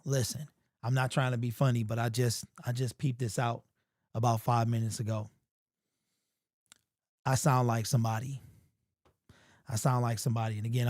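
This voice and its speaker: Hoarse man hosting casual sports talk. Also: medium pitch, darkish tone, dry recording, studio quality. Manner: loose, chatty, greets viewers by name. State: hoarse from a sore throat. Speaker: sports show host. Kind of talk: casual livestream chat.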